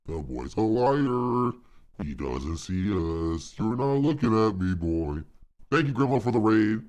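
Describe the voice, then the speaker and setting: A man doing a deep-voiced impression of a male streamer, slow, booming and mock-serious. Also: expressive, a little mellow. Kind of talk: live stream reaction.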